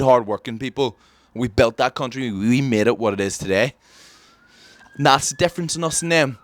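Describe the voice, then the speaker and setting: A man's voice: medium pitch, a bit bright, no echo, studio quality. A man with an Irish accent hosting a podcast, delivering an emphatic, ranting satirical comedy monologue. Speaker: podcast host.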